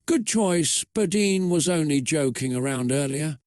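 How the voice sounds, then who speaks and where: A mocking teenage girl villain drawls out her threats with taunting glee, as a man reads her lines. The voice sits a touch high. It is slow and sounds close and dry. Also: lively intonation, a little mellow, no room sound.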